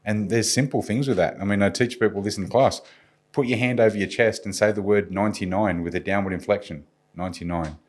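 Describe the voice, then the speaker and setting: Fast-talking deep-voiced man explaining. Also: fairly even intonation. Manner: confident, explanatory, coaching tone. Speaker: guest security and communication specialist. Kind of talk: podcast panel discussion.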